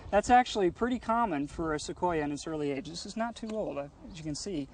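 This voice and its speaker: A man's voice: on the high side, animated, fast, slight background noise. Patient man explaining a mountain forest. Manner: friendly, patient explainer, often agrees. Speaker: local forest guide. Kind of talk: explaining to an interviewer. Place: high mountain forest outdoors.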